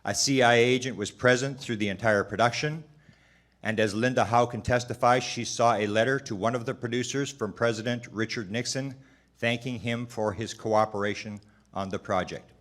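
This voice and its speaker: A man delivering prepared testimony at a hearing. His reading is measured and formal. He trips over a word now and then and starts it again. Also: medium pitch, fairly even intonation, fairly bright tone.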